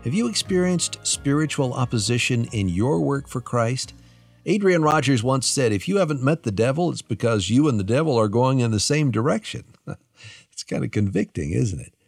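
A man's voice: mid-range voice, animated, moderate pace, creaky, slightly rough. A man introducing a Christian radio program in a scripted, conversational way. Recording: dry studio with soft music.

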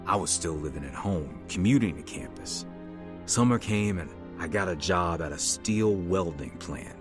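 A middle-aged man calmly narrating his own life story as a testimony. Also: low-pitched, normal speed. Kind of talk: testimony narration over music. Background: music.

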